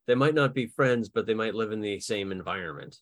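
A man's voice: on the low side, no echo. A man co-hosting a podcast and serving as dungeon master, chatting animatedly and laughing often as he brainstorms characters. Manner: animated, laughs often, acts out quick bits of dialogue. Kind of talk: casual podcast chat about building game characters.

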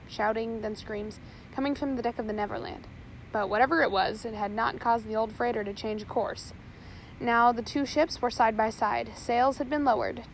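A woman's voice: on the high side, a little hiss or hum, low-quality recording. A woman narrating a chapter of a storybook aloud, reading steadily with small slips. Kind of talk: audiobook reading.

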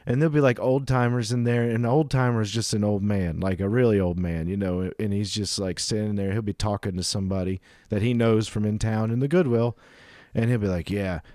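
A man's voice: on the low side, steady tone, fairly quick, darkish tone, no room sound, clean studio sound. A man co-hosting a casual chat, telling a long anecdote and voicing the people in it. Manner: rambling anecdotes with acted-out quotes.

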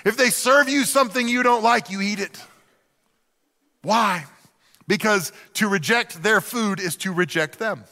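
A middle-aged man preaching a sermon to a church, telling humorous, animated stories with acted-out asides. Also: high-pitched, unhurried, in a large hall. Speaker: pastor.

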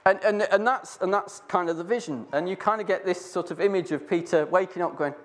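Fairly quick and high-voiced, a man shares a Bible reflection by casually narrating a story. His speech rambles with many restarts, and he puts on voices for the quoted parts.

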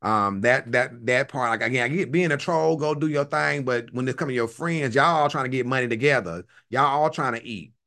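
A man hosting a livestream, chatting in an animated, profane way and laughing often. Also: mid-range voice, a little fast, few pauses. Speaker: livestream host. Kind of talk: casual commentary chat.

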